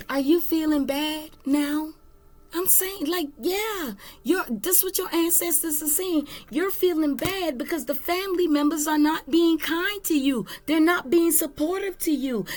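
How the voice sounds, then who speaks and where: A woman giving a spiritual tarot reading, slow, emphatic and earnest. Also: high voice. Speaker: tarot reader.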